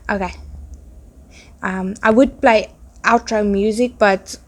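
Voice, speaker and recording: A woman's voice: mid-range voice, fairly even intonation, slow. A woman who is sick with a nasal, congested voice, chatting casually and rambling with many fillers as a podcast host while she paints.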